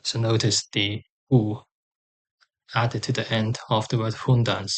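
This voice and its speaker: Slow, careful male language tutor. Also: on the low side, level tone. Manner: slow and careful, sounding out example words with pauses and fillers. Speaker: language teacher.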